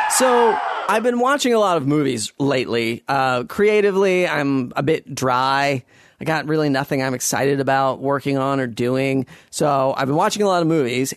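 A man rants his way through a casual monologue, sarcastic and profane, circling back on himself as he goes. His voice sits high for a man. The recording is dry, with no room sound. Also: no room sound.

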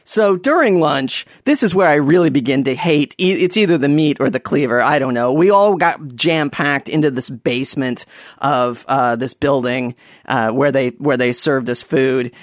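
A man telling a funny personal story in an animated, sarcastic way, dropping to mumbled asides and jumping up for mocking voices. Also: medium pitch, moderate pace, no room sound, clean studio sound. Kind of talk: comedic personal anecdote.

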